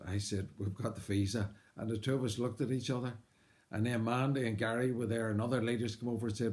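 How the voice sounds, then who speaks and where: A man's voice: medium pitch, fast talker. Northern Irish man telling his testimony. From Northern Ireland. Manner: earnest, animated retelling with frequent "uh" fillers. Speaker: missionary. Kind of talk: personal testimony storytelling.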